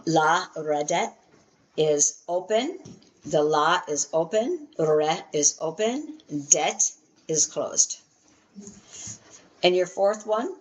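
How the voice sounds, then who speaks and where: A woman teaching an introductory Hebrew class from a textbook, explaining step by step and filling pauses with "um". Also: sits low, rough recording. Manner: frequent "um" fillers, patient step-by-step explaining.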